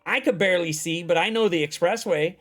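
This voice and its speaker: A man's voice: sits high, brisk, a bit bright. A man chatting casually as a guest, telling a long personal story in a rambling, profane way and acting out what people said. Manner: profane, rambling storytelling full of acted-out quotes. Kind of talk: casual chat.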